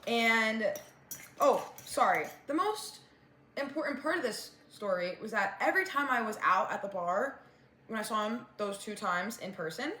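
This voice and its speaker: A woman's voice: medium pitch, lively intonation, normal speed, bright, forceful tone, echoey room, slight background noise. A woman in her twenties telling a storytime rant, with lots of "like" and "whatever", while she eats. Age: 20s. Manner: chatty, fillers of like and whatever; eating while talking. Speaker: vlogger.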